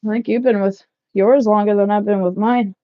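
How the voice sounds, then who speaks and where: A woman in her thirties chatting casually with live viewers while packing up, loud and laughing, swearing freely. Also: medium pitch, fairly even intonation, brisk, no echo, lo-fi sound. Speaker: livestream vlogger. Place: shed, packing up.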